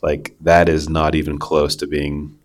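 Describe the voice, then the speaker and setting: A man co-hosting a casual talk show about design, agreeable and quick to laugh. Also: a bass voice, monotone. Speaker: podcast co-host, designer. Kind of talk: casual chat.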